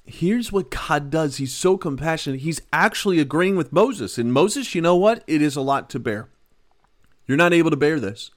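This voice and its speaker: A man's voice: a little high, normal speed. Man preaching a Bible sermon. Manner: reads old scripture aloud, then retells it in lively everyday words.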